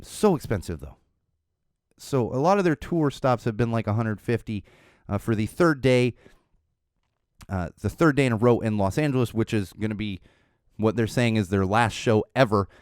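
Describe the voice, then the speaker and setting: A podcast host from Southern California rambles through a lengthy story, chuckling often and filling pauses casually. His medium-pitched voice is smooth and a little mellow, captured cleanly on a studio mic in a podcast studio with no room sound.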